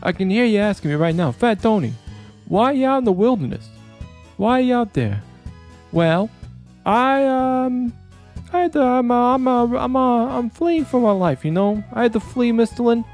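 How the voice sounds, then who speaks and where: A man doing a shifty, high-voiced pizza man on the run. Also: expressive, normal speed, darkish tone, faint music behind. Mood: shifty salesman. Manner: rambling and hesitant, full of stalls and excuses. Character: shifty nervous male pizza shop owner on the run. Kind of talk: comedy commercial skit.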